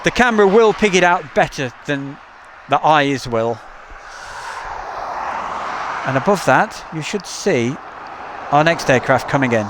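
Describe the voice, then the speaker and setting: His voice a little high and expressive, the man speaks unhurriedly with long pauses over background noise. He's from England with an East Midlands accent, hosting a casual live stream outdoors near an airport at night on a camcorder mic, chatting and reading out viewer messages.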